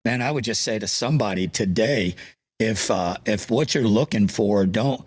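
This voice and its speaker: Older pastor with a low preaching voice. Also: male voice, normal speed. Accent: Eastern Shore American. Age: 60s. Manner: earnest, passionate, preacher-like emphasis. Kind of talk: conversational interview, preaching tone.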